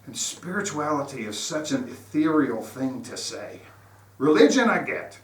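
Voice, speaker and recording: With big swings in pitch and a moderate pace, this man's slightly high voice carries an informal, story-filled sermon he gives as a guest speaker. He sounds earnest and conversational. The sanctuary recording is roomy and distant, with faint noise.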